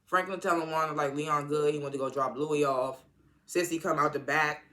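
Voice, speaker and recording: A TV episode reviewer in a casual recap, rambling and halting with lots of fillers and exasperated asides. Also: mid-range voice, fairly even intonation, pushed and bright.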